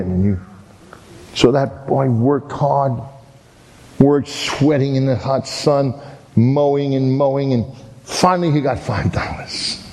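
Man preaching, folksy storyteller, mellow voice, long hall reverb. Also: mid-range voice, slow. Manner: folksy, repeats "and, and", animated storytelling. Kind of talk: storytelling sermon.

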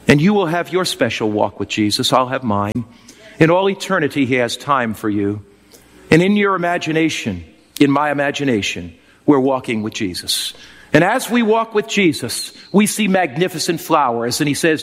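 A man's voice: mid-range voice, lively intonation, moderate pace, in a large hall. A man preaching a sermon, telling an emotional, fervent story. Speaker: pastor.

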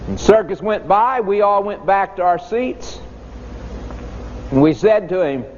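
A man's voice: sits high, expressive, slow, slight background noise. A middle-aged man preaching a sermon in a folksy, storytelling manner. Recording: dull echoey hall recording.

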